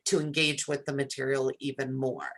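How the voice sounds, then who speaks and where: Low-voiced woman on a faculty call, thinking out loud, earnest, asking the group. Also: little pitch movement, normal speed. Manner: earnest, thinking aloud and questioning. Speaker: occupational therapy instructor. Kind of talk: online faculty workshop discussion.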